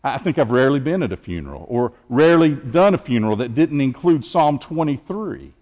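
A man preaching an Easter sermon as pastor, earnest and measured, with emphatic pauses. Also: mid-range voice, very animated, a little mellow, in a large hall.

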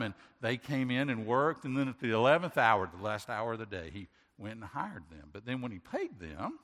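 A man's voice: mid-range voice, sharp tone. A pastor giving a sermon in an earnest way, asking rhetorical questions and often restarting his sentences. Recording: long hall reverb.

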